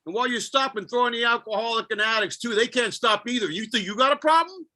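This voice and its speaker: A man's voice: very high-pitched, lively intonation, quick pace, hardly any pauses, bright, forceful tone. A man giving a spoken-word poetry performance, brooding and self-questioning with a wry edge. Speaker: poet.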